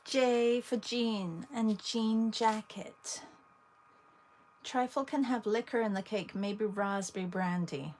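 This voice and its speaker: A woman with an English accent, hosting an art livestream, chatting casually with viewers while she paints and pausing often. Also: medium pitch, darkish tone, a little hiss or hum. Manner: chatty, talks to viewers between long pauses.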